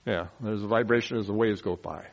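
A man teaching the Bible verse by verse in an animated way. He asks rhetorical questions, makes sound effects, and drops folksy, joking asides. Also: lowish voice, fairly quick, vocal fry, muffled recording.

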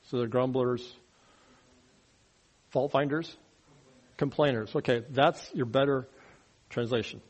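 A man's voice: mid-range voice, takes it slowly, long pauses, breathy edge. A man preaching a verse-by-verse sermon, teaching and putting questions to the congregation, mocking grumblers by turns. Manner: mocking grumblers in a rising, louder voice. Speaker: pastor.

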